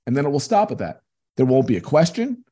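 A man's voice: mid-range voice, big pitch swings, quick pace, dark tone, husky. A man being interviewed as a guest, telling earnest, emphatic stories about his business. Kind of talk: conversational interview.

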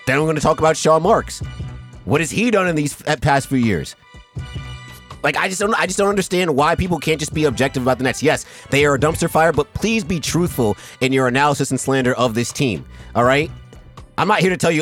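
A man's voice: fairly high pitch, expressive, brisk, fairly bright tone, soft background music. A man hosting a sports podcast, ranting emphatically and with profanity, often stopping to ask "right?". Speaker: podcast host. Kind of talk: heated sports podcast rant.

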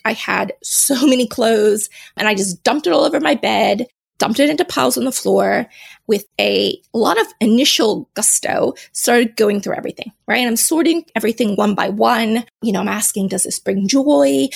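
A woman's voice: a little high, gravelly, slightly rough. A woman hosting her own podcast, talking casually and laughing at herself. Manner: chatty and self-mocking, laughs at herself. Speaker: podcast host. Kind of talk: casual solo podcast talk.

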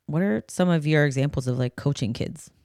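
A woman's voice: sits low, lively intonation, fairly quick, darkish tone, dry recording, clean studio sound. A woman co-hosting a casual podcast, asking thoughtful questions and saying "like" often. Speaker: podcast co-host, parent. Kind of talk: casual conversational.

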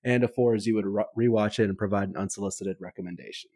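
Matter-of-fact man, lowish and dry. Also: fairly even intonation, quick pace, darkish tone, no room sound. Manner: matter-of-fact, explains the rating system plainly. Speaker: podcast co-host. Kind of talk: casual chat.

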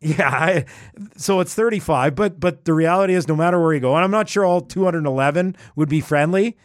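A man as an interview guest, talking with animated enthusiasm and often restarting his phrases. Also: on the high side, brisk, no room sound, studio quality. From Canada. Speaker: guest, traveller. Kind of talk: casual conversational interview.

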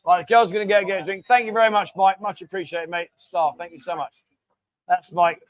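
A man's voice: high voice, fairly even intonation, brisk. Chatty man hosting a live stream. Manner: chatty, reads out viewer messages, calls people mate. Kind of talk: casual live chat with viewers.

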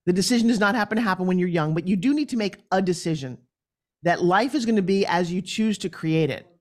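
A woman's voice: fairly low pitch, expressive, fast. A woman from New York with a New York accent, a podcast guest telling her life story in a blunt, emphatic way. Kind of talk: candid interview storytelling.

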